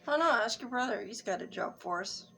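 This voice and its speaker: A woman's voice: a little high, expressive, a little fast, gravelly, sharp tone, a little hiss or hum. A woman player in a tabletop role-play, making dry, wry remarks in character.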